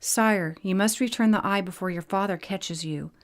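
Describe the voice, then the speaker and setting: A woman's voice: mid-range voice, moderate pace, close to an everyday voice. A woman voicing a respectful young male heir addressing a superior politely in a storybook reading. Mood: deferential. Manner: polite and deferential.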